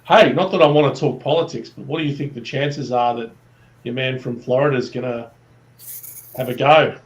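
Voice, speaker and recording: A man's voice: mid-range voice, fairly quick, dull audio. A man with an Australian accent chatting casually in a live stream, teasing and insistent. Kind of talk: casual chat.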